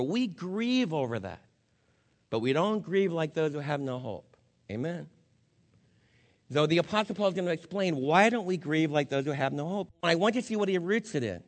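A male pastor preaching at a funeral with a fairly high voice. He speaks earnestly and conversationally, addressing the congregation directly. A long reverb trails his words through the church sanctuary. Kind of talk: funeral sermon.

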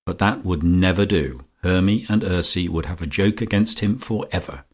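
Man with a really low voice reading an old comic novel, calm and dry. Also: normal speed. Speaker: audiobook narrator. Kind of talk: scripted narration.

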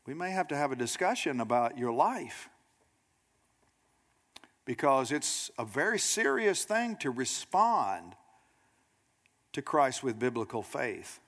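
A man preaching a sermon to a congregation, lively and direct, acting out quoted voices and asking the room questions. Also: medium pitch, takes it slowly, pauses often, big-room sound. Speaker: pastor. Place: church sanctuary.

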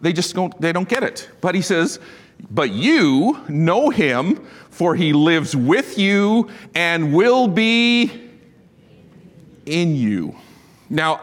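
A man preaching a sermon, telling stories with animated emphasis and laughing at his own asides. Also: mid-range voice. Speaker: pastor. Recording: long reverb of a large hall.

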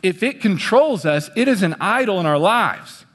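A young man on a stage preaching a sermon in an animated way, swinging his pitch as he acts out the voices he quotes. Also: moderate pace. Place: on a stage in a large hall. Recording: long hall reverb.

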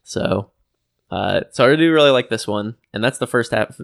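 A man co-hosting a podcast in casual chat, dryly teasing and talking haltingly with many fillers. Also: medium pitch, animated, creaky, dry recording, clean studio sound. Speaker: podcast co-host.

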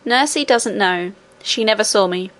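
A woman voicing an ancient, gentle queen and great-great-grandmother, speaking calmly and assuredly. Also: mid-range voice, moderate pace, lightly acted.

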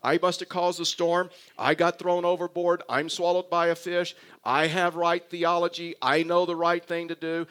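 A man's voice: a little high, little pitch movement, normal speed, hardly any pauses, fairly bright tone, clean tone, lightly acted. A man preaching a sermon voices a bitter, self-pitying man who lists his complaints to God. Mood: aggrieved. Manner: aggrieved, listing complaints.

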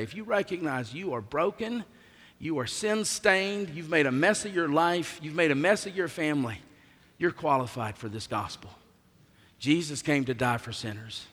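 A man's voice: a little high, a bit bright. A man preaching a sermon as pastor, emphatic, his voice swelling and dropping in volume. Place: church sanctuary. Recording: long hall reverb.

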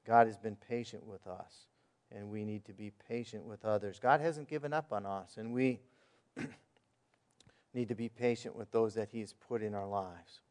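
A man's voice: on the low side, unhurried, a little mellow. Man preaching in a conversational way. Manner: conversational preaching with rhetorical questions. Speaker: pastor. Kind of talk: sermon.

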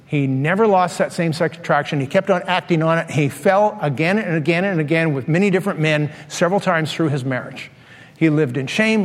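A man preaching a sermon to a congregation, speaking in a conversational way and putting questions to them directly. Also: high-pitched. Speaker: pastor. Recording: reverberant hall.

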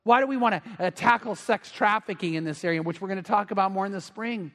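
A middle-aged man preaching a sermon in a large church, earnest and rising to louder emphatic peaks. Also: high-pitched, fast talker. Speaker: pastor. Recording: long hall reverb.

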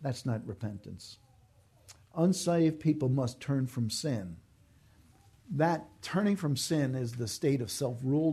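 A man's voice: mid-range voice, expressive, slow, warm tone, slightly rough. A man delivering a sermon as a pastor, earnest and emphatic, repeating his key phrases.

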